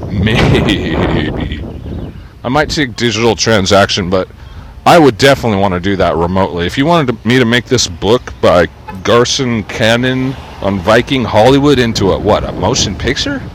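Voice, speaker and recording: A man's voice: lowish voice, animated, moderate pace, slight background noise, rough recording. A man talking casually outdoors in a rambling, sarcastic way, swearing often as he comments on a book he reads from. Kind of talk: casual profane rant while reading a book aloud.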